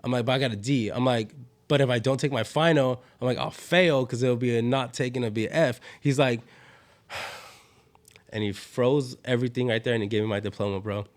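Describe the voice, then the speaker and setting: A man's voice: medium pitch, fairly even intonation, normal speed. A young man, telling a long story as a podcast guest and filling it with "yo" and "bro". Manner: rambling slangy storytelling, constant "yo" and "bro" fillers. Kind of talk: casual storytelling.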